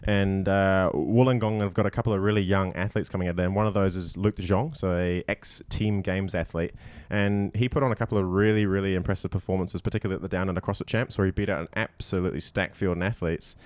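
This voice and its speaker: A man's voice: sits low, steady tone, fast talker, hardly any pauses, darkish tone, no room sound. A man co-hosting a podcast, teasing and emphatic as he chats and breaks down results. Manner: teasing, emphatic, prone to restarts. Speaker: podcast co-host. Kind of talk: casual chat and leaderboard breakdown.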